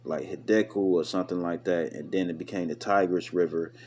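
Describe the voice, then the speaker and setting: Man, lowish voice, casual Bible study talk, chatty fillers, slow halting verse reading. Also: fairly even intonation, darkish tone. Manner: chatty, repeats "you know what I'm saying" often; reads verses aloud slowly with stumbles. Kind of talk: casual scripture commentary.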